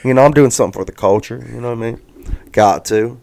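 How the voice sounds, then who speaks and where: A man's voice: mid-range voice, quick pace, gravelly. A young man in crude, casual podcast banter, swearing constantly and laughing often. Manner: loud, profane, laughing often. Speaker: podcast guest.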